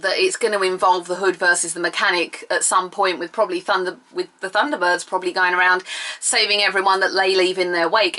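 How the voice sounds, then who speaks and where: A young woman chatting through a TV episode review, animated and sarcastic, with bursts of mock outrage. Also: lowish voice. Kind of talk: casual video review.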